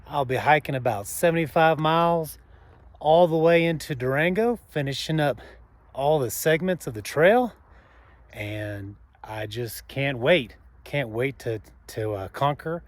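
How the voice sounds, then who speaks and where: A man's voice: fairly high pitch, lively intonation, no room sound. Chatty Southern man hiking outdoors. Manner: chatty, halting with fillers. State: out of breath on climbs. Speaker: hiker vlogger. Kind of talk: casual trail vlog. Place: outdoors on a mountain trail.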